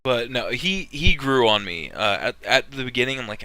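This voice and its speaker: A man hosting a casual gaming podcast, talking in an animated way and swinging his pitch up when telling stories. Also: moderate pace, low-quality recording. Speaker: podcast host.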